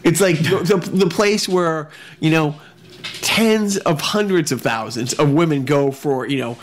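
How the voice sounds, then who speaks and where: A man co-hosting a casual podcast, talking in a halting way with many restarts. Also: fairly high pitch. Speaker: podcast co-host. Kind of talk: casual chat. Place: echoey room at home.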